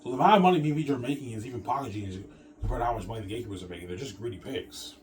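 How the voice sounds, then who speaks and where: A man ranting in a rambling, repetitive monologue, recorded on a distant mic with steady background noise. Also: mid-range voice, racing. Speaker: vlogger.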